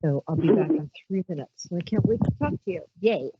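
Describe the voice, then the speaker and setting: A woman's voice: fairly low pitch, animated, fast talker, highs cut off, a little hiss or hum. A woman from Brooklyn hosting a live psychic call-in show, chatty and self-mocking, breaking into squeals of delight. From Brooklyn, New York. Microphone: handheld mic held out.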